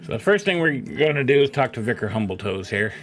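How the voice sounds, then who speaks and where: A middle-aged man gives casual live-stream commentary over a game, chatty and quick to poke fun at himself. His pitch sits in a middle range but swings widely up and down. He talks into a desk microphone at home. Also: sing-song, fairly bright tone. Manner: chatty and self-deprecating, jumping up and down in pitch.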